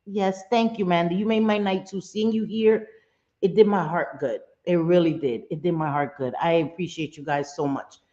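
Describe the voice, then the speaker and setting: A woman's voice: fairly low pitch, steady tone, normal speed, warm tone, dull audio. A woman hosting a casual live stream, thanking viewers, swearing casually, laughing often and dropping in Spanish phrases.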